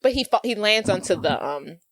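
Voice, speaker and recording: A woman's voice: mid-range voice, fairly quick, dry recording, clean studio sound. Chatty woman retelling a movie plot. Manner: animated storyteller, acts out quotes, lots of "like". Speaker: podcast co-host.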